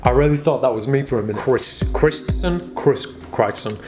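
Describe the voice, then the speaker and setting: A man's voice: mid-range voice, fairly quick. A man hosting a magic vlog, casually reading out viewers' joke comments and teasing an off-camera helper. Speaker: magician host. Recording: background music.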